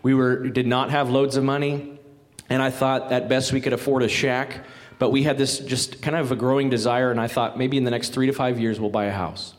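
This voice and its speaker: Male guest pastor, mid-pitched, chatty folksy sermon with light jokes. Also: little pitch movement, fairly quick. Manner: folksy, conversational, joking asides. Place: church sanctuary.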